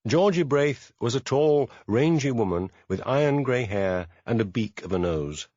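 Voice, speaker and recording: A man narrating a mystery audiobook in expressive scripted narration. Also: medium pitch, measured pace, dry recording, highs cut off. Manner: expressive storytelling.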